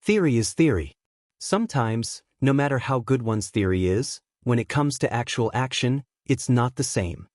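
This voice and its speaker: A man voicing a proud, skeptical old male master alchemist in a fantasy audiobook, in measured, questioning tones. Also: medium pitch, expressive, darkish tone, dry recording, studio quality, lightly acted.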